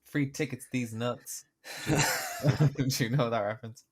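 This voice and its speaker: A man's voice: mid-range voice, fairly even intonation, normal speed. A young man co-hosting a podcast in casual, sarcastic chat. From Ireland. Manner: chatty, joking, sarcastic. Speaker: podcast co-host.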